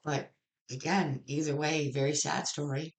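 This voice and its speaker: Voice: mid-range voice, fairly even intonation, a little slow. Blunt, casual tarot reader. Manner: blunt, frank, swears casually; rambling with frequent restarts. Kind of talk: casual tarot reading to camera.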